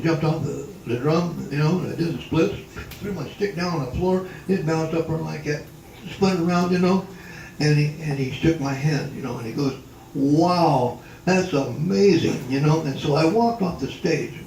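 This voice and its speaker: A man's voice: fairly high pitch, creaky, a little mellow. A man in his eighties telling stories from his life to a gathering at a family reunion, rambling with many restarts and fillers. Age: 80s. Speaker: retired drummer and tap dancer. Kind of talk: storytelling to a live gathering. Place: indoor hall at a family reunion. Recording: roomy echo, distant from the mic, faint background hum.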